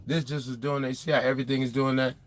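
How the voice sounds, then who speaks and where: A young trucker vlogger speaks very fast at a medium pitch with little pitch movement, and there's no room sound. Chatting casually from his truck cab, he replies to viewer comments in an opinionated, rambling way and sometimes forgets where he was going.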